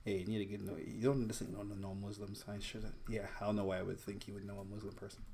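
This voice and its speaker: A young man co-hosting a casual live-stream chat about music. His voice sits fairly low and carries a gravelly, fried edge. He talks in a laid-back, slangy way and chuckles often. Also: flat delivery, fast talker, warm tone, a little hiss or hum. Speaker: podcast co-host.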